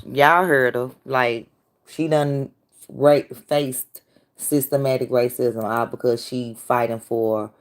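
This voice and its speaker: Blunt woman livestreaming to her chat. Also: very deep voice. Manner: blunt, talks back to chat. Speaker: livestream host.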